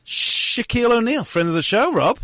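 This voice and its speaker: A man's voice: very high-pitched, sing-song, normal speed, bright, forceful tone, no room sound. A man co-hosting a podcast, reading out funny quotes in an upbeat casual way. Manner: upbeat, laughs at his own jokes. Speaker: podcast co-host.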